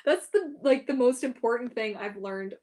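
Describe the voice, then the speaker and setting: A woman's voice: a little high, normal speed, dark tone. Giggly, chatty woman hosting a livestream. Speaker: mermaid performer hosting a live Q&A. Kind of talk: casual livestream Q&A.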